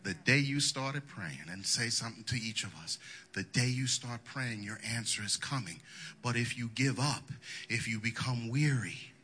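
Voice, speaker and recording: A man's voice: medium pitch, normal speed, pushed and bright, husky. A male pastor preaching a sermon in a folksy, colloquial way, wandering into asides.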